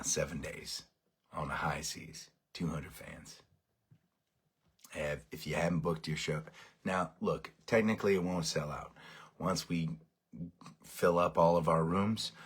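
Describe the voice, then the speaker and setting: A man leading a band, giving fans a rambling, excited update while overtired. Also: very deep voice, husky. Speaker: bandleader addressing fans. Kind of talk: casual fan update.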